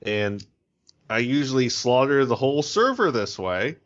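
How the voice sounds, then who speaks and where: A man's voice: medium pitch, a little slow. Joking man co-hosting a lo-fi podcast. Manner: joking, rambling, animated. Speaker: podcast co-host. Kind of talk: casual chat. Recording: dull lo-fi podcast audio.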